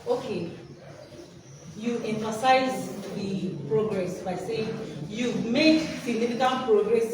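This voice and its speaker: A woman presenting a workshop, quizzing her listeners with prompts for them to finish. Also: on the high side. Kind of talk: interactive teaching talk. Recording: echoey hall, distant mic, background noise.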